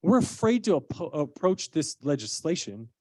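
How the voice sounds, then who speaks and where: A man's voice: on the high side, sing-song, normal speed, darkish tone, no echo. Earnest man speaking persuasively, dry sound. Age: adult parent of a young child. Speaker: actor speaking as a child-safety advocate. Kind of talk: earnest public speech with personal storytelling.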